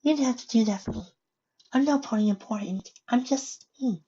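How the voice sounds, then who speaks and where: A timid, gentle young pony mare with a soft, meek voice, pitched high and held quiet, as a reader puts her on. It is a storybook reading. The sound is dull and lo-fi. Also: normal speed, breathy edge, lightly acted. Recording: dull lo-fi recording.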